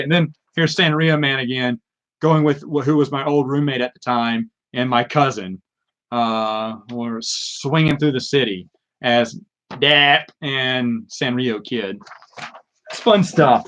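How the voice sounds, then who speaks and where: A man's voice: medium pitch, lively intonation, unhurried, bright, forceful tone, slight background noise. A man hosting a live Q&A, chatting casually and rambling with lots of fillers, restarts and self-mocking asides. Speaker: live Q&A host. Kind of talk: casual live stream chat.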